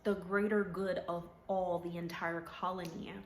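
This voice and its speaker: Slow, earnest woman giving a life lesson. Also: fairly low pitch, level tone, slight background noise. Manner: earnest, preachy, repeats for emphasis. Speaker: vlogger. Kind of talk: motivational talk to camera. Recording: roomy echo.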